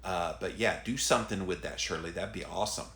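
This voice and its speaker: A middle-aged man with a Southern US accent, hosting a casual live stream and reading out viewer comments in an earnest, chatty, drawn-out way. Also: deep voice, bright, forceful tone, roomy sound. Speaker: host.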